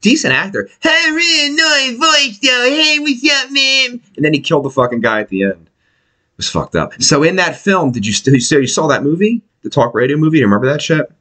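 Animated, profane male podcast host. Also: medium pitch, husky. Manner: animated, profane, quick impressions. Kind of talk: casual profane chat.

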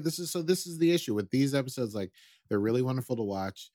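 A man's voice: on the low side, animated, normal speed, a little mellow, no room sound, studio quality. A man co-hosting a podcast, talking casually in a rambling way with many restarts. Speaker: podcast co-host. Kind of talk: casual chat about a TV episode.

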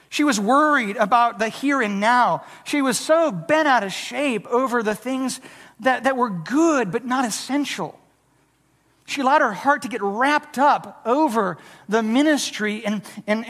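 An earnest preacher delivers a sermon, stumbling into quick restarts and acting out quoted lines with a changed voice. The voice rings out through a church sanctuary with a long, trailing reverb. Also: medium pitch, a bit bright. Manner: earnest, with frequent stammered restarts.

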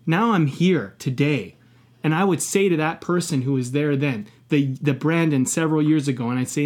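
Husky, passionate man swearing freely. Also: on the high side, fairly quick, darkish tone. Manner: passionate, emphatic, heavy swearing; earnest and self-reflective. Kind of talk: candid podcast conversation.

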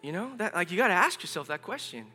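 A man's voice: sits high, very animated, fast talker, pushed and bright, soft background music. A middle-aged male pastor giving an earnest, conversational sermon, often repeating his phrases.

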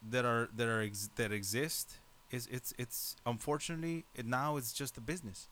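A man's voice: mid-range voice, fairly even intonation, moderate pace, fairly bright tone. Radio co-host guy, blunt, swears a lot, just ranting casual. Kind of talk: casual chat.

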